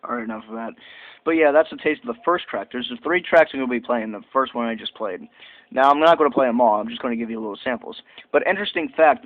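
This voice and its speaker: A man reviewing an old video game in a chatty, excitable, rambling way. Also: medium pitch, no room sound. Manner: chatty and excitable, lots of fillers and restarts. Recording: tinny phone-like dry recording.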